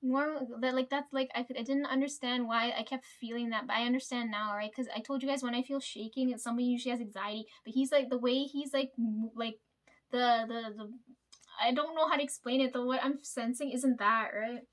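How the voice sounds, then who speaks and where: A woman's voice: fairly high pitch, steady tone, fairly quick. A young woman telling a workplace story to her viewers in a rambling, profane way, leaning on "right?" and "like". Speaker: vlogger.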